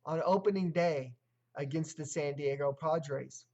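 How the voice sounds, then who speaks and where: High-voiced man reading baseball stats. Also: unhurried, a little mellow. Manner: recites stats in clipped lists, then emphatic opinions. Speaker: sports show host. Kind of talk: solo sports commentary livestream.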